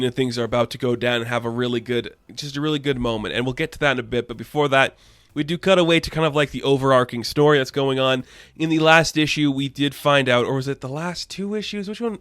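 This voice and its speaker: A man's voice: mid-range voice, a bit bright, no echo. A young man casually recapping and reviewing a comic book issue, chatty and full of fillers. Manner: chatty, lots of fillers and quoted voices.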